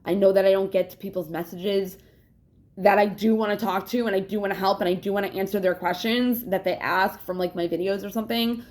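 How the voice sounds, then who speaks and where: A young woman vlogs casually about her life, rambling, swearing a lot, and laughing between thoughts. Her mid-range voice is steady, brisk, and somewhat dark, and she yawns to catch her breath.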